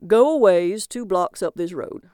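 A woman voicing a gruff, plain-spoken small-town man who gives directions loudly. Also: lowish voice, animated, measured pace, no echo, clean studio sound. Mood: directive.

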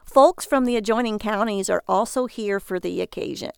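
A woman voicing a prim, rude male hotel clerk who speaks in a high-pitched, slow and clipped way. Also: vocal fry, clear, resonant tone, no echo, studio quality, lightly acted. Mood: curt.

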